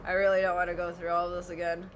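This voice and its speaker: A woman's voice: lowish voice, monotone, fast talker, slight background noise. A woman streaming a video game, chatting casually, swearing freely and breaking into laughing shrieks. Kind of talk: casual gameplay chat.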